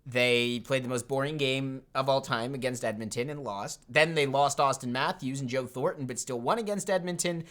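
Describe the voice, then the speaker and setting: A man's voice: medium pitch, normal speed, few pauses, fairly bright tone. A man hosting a fan podcast over a remote call from home, teasing his co-host in a playful, upbeat way. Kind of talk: casual chat.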